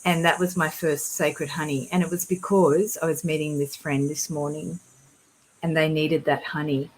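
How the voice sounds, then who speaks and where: A woman telling of spiritual experiences in a casual conversation, earnest and rambling, and quick to get excited. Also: low voice, poor audio. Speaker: guest sharing spiritual experiences.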